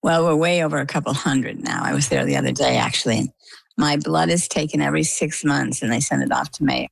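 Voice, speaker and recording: A middle-aged woman from Maine, an interview guest telling her story in a lively way and acting out the dialogue. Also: deep voice, fairly quick, vocal fry, slightly rough, no echo, low-quality recording. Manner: animated storyteller, acts out quoted dialogue.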